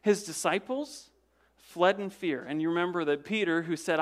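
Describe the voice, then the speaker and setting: A man with a notably high voice preaches a sermon as a pastor, telling the story with drama. He stumbles over repeated words and restarts, throws rhetorical questions at the congregation, and drops from loud emphasis into hushed, low passages. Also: measured pace. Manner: dramatic storytelling with frequent word repetitions and restarts.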